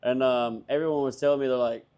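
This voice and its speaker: A young man from Alabama, a guest comedian chatting casually on an outdoor patio, telling animated, profane stories and acting out both sides of arguments. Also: medium pitch, fast, clean tone. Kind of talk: casual chat.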